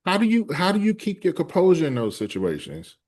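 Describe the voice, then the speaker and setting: A man's voice: sits high, wildly swooping pitch, brisk, darkish tone. A man hosting a casual interview, asking curious follow-up questions. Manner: curious, asks follow-up questions with backchannel mms. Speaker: host, interviewer.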